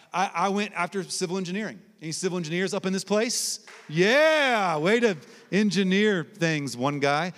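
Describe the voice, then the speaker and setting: Male guest preacher, slightly higher voice, animated storyteller, long hall reverb. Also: moderate pace. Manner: animated, conversational storytelling that shifts to soft, low emphasis. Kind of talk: sermon with personal stories. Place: large hall at a college ministry gathering.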